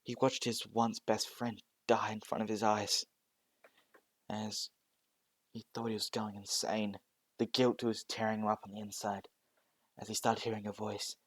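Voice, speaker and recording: A man's voice: on the low side, little pitch movement, measured pace, pauses often, dry recording. Hesitant male storyteller. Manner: hesitant, many restarts and fillers. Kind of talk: casual fan-fiction narration.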